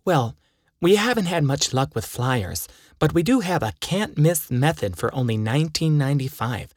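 A man voicing a pushy woman telemarketer reading a scripted sales pitch. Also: expressive, moderate pace, dry recording, studio quality. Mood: salesy.

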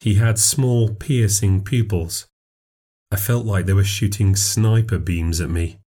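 A man narrating a ghost story in a measured, steady way. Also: fairly low pitch, slightly rough.

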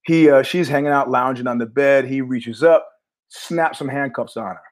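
A man's voice: mid-range voice, normal speed. A man hosting his own show, telling a story in a blunt, profane, conversational way. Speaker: host. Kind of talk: casual storytelling monologue.

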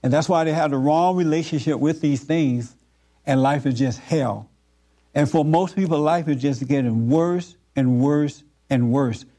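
A man giving an informal spiritual talk to a group, earnest and repetitive, with frequent halting fillers. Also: on the high side, warm tone.

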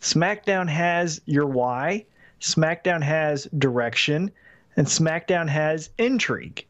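Male co-host, animated chat, lively swings in pitch, muffled lo-fi sound. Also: slow pace. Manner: animated, acts out quotes with big pitch jumps. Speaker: podcast co-host. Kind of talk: casual podcast chat.

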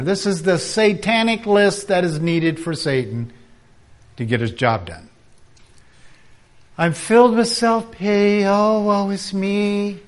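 A man preaching at a conference, animated and acting out quoted voices, sometimes dropping to a whisper. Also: fairly high pitch. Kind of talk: conference sermon.

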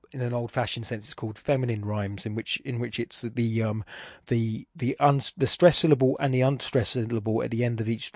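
A man's voice: mid-range voice, darkish tone, slightly rough, dry recording, clean studio sound. Thoughtful Irish man musing on a poem. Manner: thinking aloud, many restarts and fillers. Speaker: podcast host. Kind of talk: casual spoken poetry analysis.

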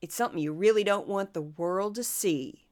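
A woman's voice: mid-range voice, moderate pace, darkish tone, natural voice. A woman doing an impression of a stern male politician, delivered emphatically and accusingly.

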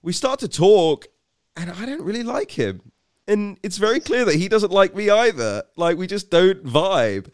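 Rambling British man, smooth voice. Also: high voice, sing-song, normal speed, dry recording, clean studio sound. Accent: British English. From West London, England. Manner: rambling, self-deprecating, frequent restarts. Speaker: podcast host. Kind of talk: casual anecdotal storytelling.

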